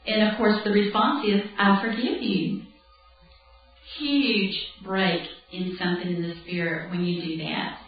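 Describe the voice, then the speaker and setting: Woman preaching in an echoey hall. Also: medium pitch. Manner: conversational, animated, laughs and acts out dialogue. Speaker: Bible camp speaker. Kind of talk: sermon teaching. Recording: distant, roomy, dull lo-fi hall recording with faint music.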